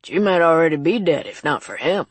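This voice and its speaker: A woman's voice: sits low, expressive, brisk, husky, dry recording. A woman voicing a chatty, blunt small-town shopkeeper in his seventies in an audiobook.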